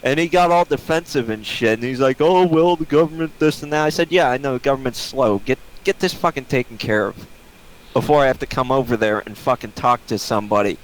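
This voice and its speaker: A man's voice: mid-range voice, brisk, low-quality recording. A man from Ohio co-hosting a podcast, ranting bluntly and profanely in casual chat over a video call. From Ohio, United States. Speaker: podcast co-host.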